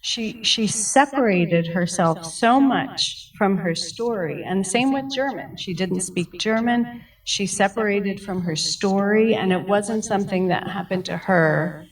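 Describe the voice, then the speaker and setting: A woman's voice: mid-range voice, measured pace. A middle-aged woman, a survivor's daughter, reflecting on her mother's story for students. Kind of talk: personal account to students. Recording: distant mic.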